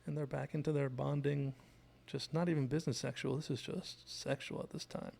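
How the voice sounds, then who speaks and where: A man's voice: mid-range voice, level tone, fairly quick, vocal fry, darkish tone. A man chatting through a TV episode scene by scene, recapping the plot and digressing along the way. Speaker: TV show analysis host. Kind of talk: casual scene-by-scene commentary.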